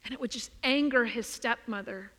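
A woman preacher delivering a sermon built on a story, expressive and often dropping to soft emphasis. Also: a little high, moderate pace. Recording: long reverb of a large hall.

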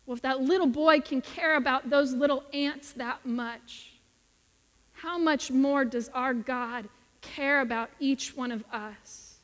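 A female preacher gives an earnest, emphatic sermon in a high voice at an unhurried pace. Her words trail off into long reverb, like in a church sanctuary, and the sound is a bit bright.

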